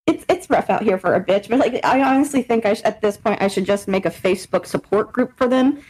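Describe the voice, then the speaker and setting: A woman's voice: breathy edge, rough recording. A woman hosting a podcast, telling stories in a hyper, profane casual chat. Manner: animated, profane storytelling with quick pitch jumps. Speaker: podcast host.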